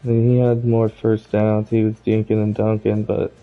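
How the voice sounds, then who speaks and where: A man's voice: on the low side, completely flat delivery, moderate pace, narrow, tinny audio, faint music behind. A man streaming a football video game, ranting with constant swearing about the plays. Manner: angry, profane ranting, rising to shouts at plays. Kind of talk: live gameplay commentary.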